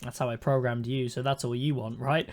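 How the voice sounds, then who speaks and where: A man's voice: mid-range voice, little pitch movement, a little fast, darkish tone. A young man chats loosely and jokingly, teasing his co-host as a podcast co-host. He has a mid-range voice and a sarcastic, laddish tone. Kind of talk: casual chat.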